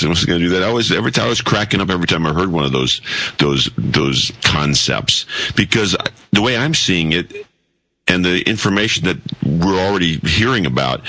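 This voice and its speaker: A man's voice: sits low, pushed and bright, no room sound. A man from the United States co-hosting a casual chat, rambling with many restarts and fillers, over an internet call. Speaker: podcast co-host.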